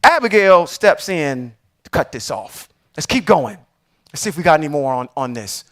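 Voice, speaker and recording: High-voiced man teaching scripture live. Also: big pitch swings. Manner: reads verses slowly and emphatically, then comments with rhetorical questions; often checks in with "okay?". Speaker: livestream Torah teacher.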